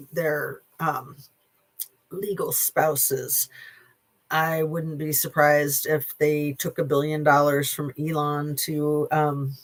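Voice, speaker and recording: A channel host giving casual opinion commentary, sarcastic and blunt, rambling with filler pauses and casual swearing. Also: medium pitch, fairly bright tone.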